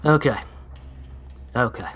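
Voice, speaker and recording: Male let's-play host, mid-pitched, sarcastic and crisply over-enunciated. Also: lively intonation, slow pace, a bit bright. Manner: sardonic, sweary, over-pronounces words. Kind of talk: casual gameplay commentary.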